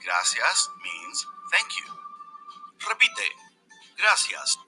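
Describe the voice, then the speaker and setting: A man's voice: mid-range voice, huge pitch swings, takes it slowly, gravelly, sharp tone, soft background music, full character voice. A man voicing a zany marshmallow professor in a kids' Spanish video, with an exaggerated sing-song delivery and repetitive drills. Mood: teaching. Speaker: video teacher character.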